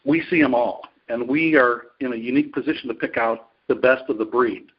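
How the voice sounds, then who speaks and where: A male executive being interviewed, answering in a measured, explanatory way with frequent fillers. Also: medium pitch, husky, muffled recording. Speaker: industry executive guest. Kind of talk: business interview.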